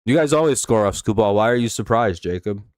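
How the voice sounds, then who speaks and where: A man's voice: on the low side, lively intonation, fairly quick, a little mellow, dry recording, clean studio sound. Profane, ranting man on a livestream. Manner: profane, exasperated ranting at chatters. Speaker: livestream host. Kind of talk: casual live game watch-along chat.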